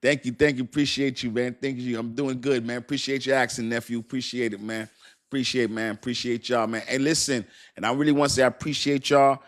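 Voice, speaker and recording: A man's voice: mid-range voice, steady tone, fast. A man hosting a casual crypto live stream, chatty and repetitive, often thanking his viewers. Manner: chatty, repeats himself, thanks viewers warmly.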